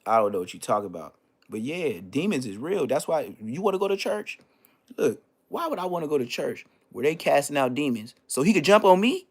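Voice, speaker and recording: A man hosting his own live stream, telling a story in a loose, profane way and jumping into high-pitched exclamations. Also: big pitch swings, brisk, husky. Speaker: livestream host.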